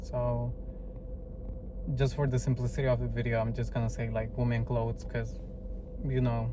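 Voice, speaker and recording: A man's voice: medium pitch, little pitch movement, normal speed. A man telling a heartfelt personal story in a vlog, hesitant, with many fillers and restarts. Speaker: vlogger. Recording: noisy background with traffic.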